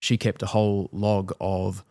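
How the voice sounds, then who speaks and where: A man's voice: low-pitched, flat delivery, measured pace, dark tone. An Australian man in his thirties, a father telling laid-back stories about his kids in casual podcast chat, playfully mimicking them.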